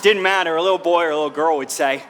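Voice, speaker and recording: A poor young drifter, played by a man on a theatre stage, telling his hard-times story in earnest, folksy speech with rustic grammar. His voice is fairly high and bright. The monologue is delivered with plain, sincere stage presence. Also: very fast, slight background noise, lightly acted.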